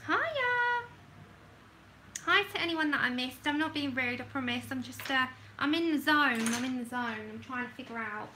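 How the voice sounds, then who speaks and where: Swatching colour pencils on her livestream, this woman chats casually, narrating to herself and frequently laughing at her own remarks. She speaks high-pitched and a little fast with hardly any pauses, in a bright, forceful tone. The low-quality recording carries slight background noise.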